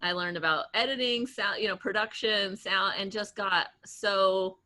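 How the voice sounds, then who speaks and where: A woman in her late thirties, a guest entrepreneur in an interview, telling stories in a chatty, animated way with lots of laughs, fillers and restarts. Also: medium pitch, measured pace. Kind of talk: casual interview storytelling.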